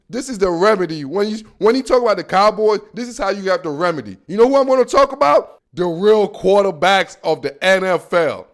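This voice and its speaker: Brief: male sports podcast host, high pitch, animated slangy rant. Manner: animated, slangy, keeps saying "dog".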